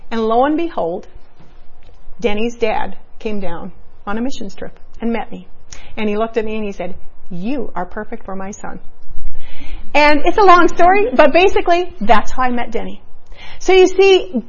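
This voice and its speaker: A middle-aged woman speaks earnestly to young women at a church retreat, mixing personal stories with acted-out quotes. Her voice sits a little high. The recording sounds dull and lo-fi. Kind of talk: testimony talk to young women.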